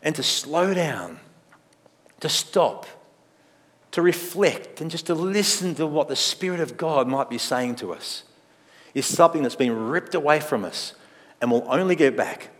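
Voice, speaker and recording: A man preaching a sermon in a measured, reflective way, often using rhetorical questions. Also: fairly high pitch, fairly bright tone, in a large hall. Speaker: pastor.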